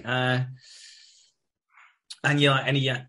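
A man's voice: mid-range voice, level tone, slow, sharp tone. A man co-hosting a podcast, rambling through a soap recap in casual chat with many fillers and swearing. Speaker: podcast co-host.

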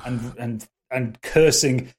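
A man narrates a tabletop role-playing game as its game master. He rambles and trips over his words, restarting phrases often. His voice sits at an ordinary pitch. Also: takes it slowly, slightly rough.

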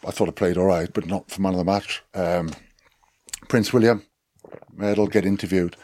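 A man with a Welsh accent, a former rugby player, telling lively anecdotes as a podcast guest with swearing and laughs. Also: low voice, normal speed, slight background noise. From Wales. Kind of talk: casual storytelling chat.

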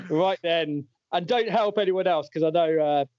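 A fairly high-voiced man hosts a relaxed podcast quiz, chuckling his way through questions and answers. The audio is dull and lo-fi, with a dry, close sound. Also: dry recording. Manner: jokey, laughs often while reading out answers. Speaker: podcast host and quizmaster. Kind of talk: casual podcast chat, running a quiz.

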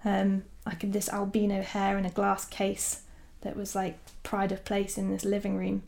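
A woman's voice: mid-range voice, monotone, unhurried, creaky, darkish tone. A woman, a documentary filmmaker, telling a story casually with many fillers and frequent laughs.

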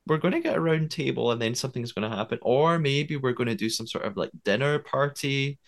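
A male podcast co-host recaps scenes in a casual way and thinks aloud as he works through them. His voice sits at a middle pitch. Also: fairly quick.

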